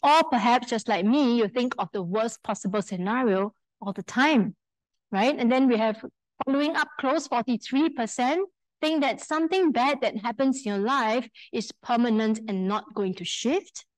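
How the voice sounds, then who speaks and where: A Singaporean woman with a somewhat high voice runs a live workshop. She tells lively stories, acting out the lines of people in them, and keeps the audience involved with questions and polls. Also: moderate pace, rough recording. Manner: lively storyteller, acts out quoted speech. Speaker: workshop speaker.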